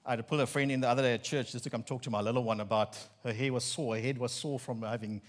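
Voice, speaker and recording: A man in his thirties with a South African Afrikaans accent, an Afrikaans native speaker, preaching with humorous, animated storytelling and mock-incredulous asides. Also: mid-range voice, quick pace. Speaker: pastor. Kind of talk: sermon.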